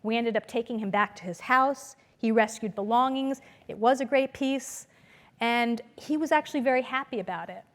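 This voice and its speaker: A woman lecturer giving a conference talk to an audience, storytelling in a lively way and acting out the voices she quotes. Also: a little high, normal speed. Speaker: business school lecturer. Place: lecture hall.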